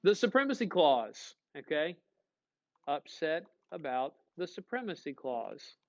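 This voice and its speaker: A male teacher giving a casual classroom lecture, animated and quizzing the class. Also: fairly high pitch, a little slow, muffled recording.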